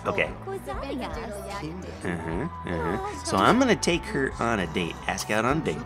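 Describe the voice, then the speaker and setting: Guy narrating his game, super lively pitch, slow easy pace, game music behind. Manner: chatty, talks to the game characters, jumps pitch for surprise. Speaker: gameplay commentator. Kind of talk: casual let's play commentary.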